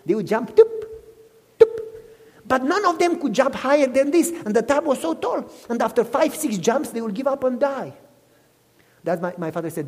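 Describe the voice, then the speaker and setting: A man preaching, his voice swinging widely in pitch as he acts out conversations. The tone is somewhat husky, and a long reverb trails each phrase from the large hall he speaks in. He keeps turning to the congregation to ask if they follow. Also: a little fast. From Romania. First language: Romanian. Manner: animated, acts out dialogue, asks listeners "you follow me?". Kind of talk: storytelling sermon.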